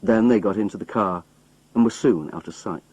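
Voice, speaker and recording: A man narrating a simplified novel in a plain, measured storytelling manner. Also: lowish voice, darkish tone, slightly rough, low-quality recording. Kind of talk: reading a simplified novel aloud.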